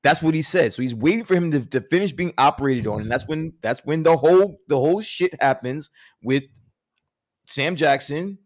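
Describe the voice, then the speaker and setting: A man's voice: fairly high pitch, animated, normal speed, no room sound, clean studio sound. A man co-hosting a podcast in casual debate, profane and often repeating and restarting his words. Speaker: podcast co-host.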